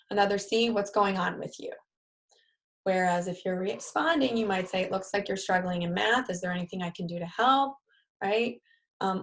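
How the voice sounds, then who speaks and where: A woman's voice: medium pitch, creaky. Woman leading a parenting workshop. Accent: New York. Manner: conversational, acts out example phrases to children. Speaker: parenting group leader. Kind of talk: live-streamed parenting workshop talk.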